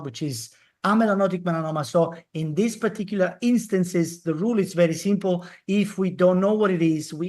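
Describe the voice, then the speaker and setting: Lecturer on a video call, mid-pitched, plenty of hesitations, checks in with "eh?" and "okay?". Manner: halting, many fillers, tag questions like "eh?". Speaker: dermatology lecturer. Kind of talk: live online lecture.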